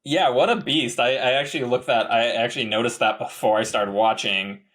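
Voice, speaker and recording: A man co-hosting a podcast in casual chat, rambling and rising into excited outbursts. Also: mid-range voice, fairly quick. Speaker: podcast co-host.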